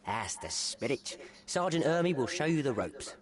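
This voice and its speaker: Man voicing exasperated game police officer, animated pitch, crowd noise behind. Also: normal speed, natural voice. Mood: indignant. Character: harried male police desk officer, indignant.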